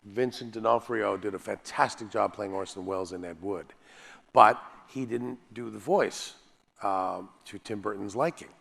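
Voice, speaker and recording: A man, a voice actor and panel guest, telling animated, self-deprecating stories with frequent restarts. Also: lowish voice, moderate pace, gravelly, long reverb tail. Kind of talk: animated anecdotal storytelling.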